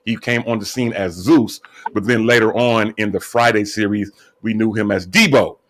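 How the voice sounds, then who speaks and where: Upbeat low-voiced male radio host. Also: moderate pace. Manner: upbeat, chatty, lively shout-outs. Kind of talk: casual online radio talk.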